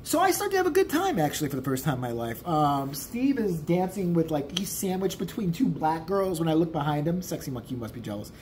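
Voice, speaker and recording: A man's voice: on the high side, very animated, fast talker, few pauses, darkish tone, a little hiss or hum. A man telling a rambling, profane story in a casual vlog. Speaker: vlogger.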